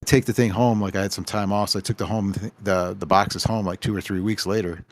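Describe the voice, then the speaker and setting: Store-owner guest type: low-pitched man, loose storyteller who voices the people in his tales. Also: steady tone, fast talker. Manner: rambling anecdotes with acted-out quoted dialogue. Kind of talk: casual podcast storytelling.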